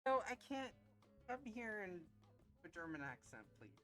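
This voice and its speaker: A woman streaming a game live, laughing often, swearing and reacting loudly in casual commentary. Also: medium pitch, very animated, moderate pace, soft background music.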